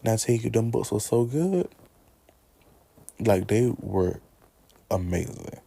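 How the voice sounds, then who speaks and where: A man in his twenties chatting casually in a vlog, animated, talking back to characters and laughing often. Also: lowish voice, takes it slowly, creaky, slightly rough. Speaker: vlogger ranking favorite movies. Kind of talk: casual chat.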